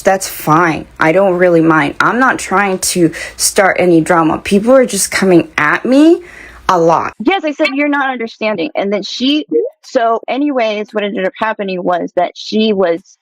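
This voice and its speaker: A woman's voice: mid-range voice, a little slow. A woman moderator defending herself and complaining about another person in casual talk. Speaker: chat moderator. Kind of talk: casual chat.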